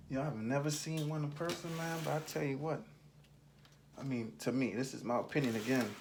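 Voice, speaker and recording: Man, casual vlog host, slightly winded, excitable chatter, loud background noise, mid pitch. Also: moderate pace, creaky, long pauses. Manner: excitable, chatty, says "man" and "y'all" a lot. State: slightly out of breath. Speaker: RC car channel host.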